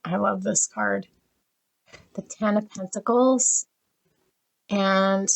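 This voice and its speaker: A woman's voice: mid-range voice, slow, creaky, pauses often, poor audio. A middle-aged woman reading tarot, gushing over each card and getting emotional as she flips through a deck. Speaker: tarot reader.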